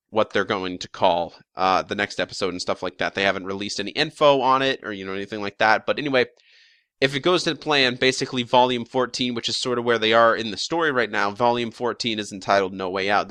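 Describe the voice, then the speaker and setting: A man's voice: on the low side, bright, forceful tone, no room sound. A young man talking casually about episode predictions, rambling with lots of fillers, restarts and the odd swear word. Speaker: YouTube show commentator.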